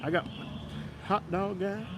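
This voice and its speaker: High-voiced man rambling outdoors. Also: fairly even intonation, slow, music in the background. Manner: rambling, chatty, talks to viewers. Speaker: live-streaming vlogger. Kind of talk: casual live-stream chat. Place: downtown street outdoors at night. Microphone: camera on a stand.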